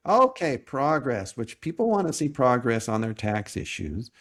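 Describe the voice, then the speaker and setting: Measured man explaining tax matters. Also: mid-range voice, sing-song, a bit bright. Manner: measured, explanatory, with frequent restarts. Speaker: tax resolution agent and podcast host. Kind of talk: conversational podcast interview.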